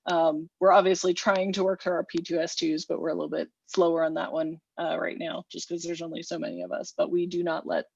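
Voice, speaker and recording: A woman engineering manager speaking slowly and deliberately in a work video-call meeting. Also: fairly low pitch, flat delivery, creaky, a little mellow, breathy edge, muffled recording.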